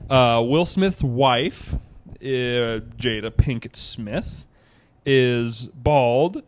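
Animated man co-hosting a chat. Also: mid-range voice, drawn-out words, slight background noise. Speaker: podcast co-host. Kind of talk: casual chat.

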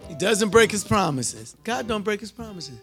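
High-voiced, gravelly preacher. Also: male voice, sing-song, moderate pace, soft background music. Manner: call-and-response, repetitive, swings from loud to hushed. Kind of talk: sermon.

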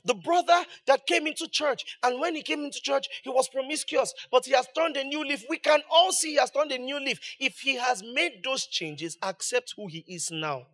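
A male pastor with a high-pitched voice delivers a sermon, pressing his points with rhetorical questions and rising emphasis. He speaks as the regular preacher of his congregation. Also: moderate pace, few pauses, fairly bright tone.

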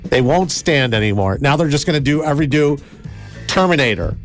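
A man's voice: a little high, animated, brisk, soft background music. A man co-hosting a casual chat, joking and trying out mock voices.

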